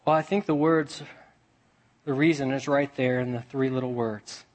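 A young man preaching a sermon, telling stories in a chatty way and dropping to a hush for emphasis. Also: medium pitch, fairly even intonation, moderate pace. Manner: conversational storytelling with dramatic hushed drops.

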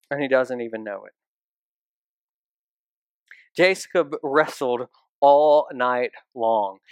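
A male pastor delivering a sermon in a relaxed, conversational way, often turning to the congregation with direct questions. His voice sits a little higher than most men's, and the sound is dry and close, with little room echo.

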